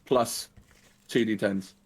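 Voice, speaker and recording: A man's voice: lowish voice, fairly even intonation, slow pace, a little hiss or hum. Casual swearing man running the game. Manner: casual and swearing, counts moves aloud. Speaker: game master. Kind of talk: narrating a tabletop game.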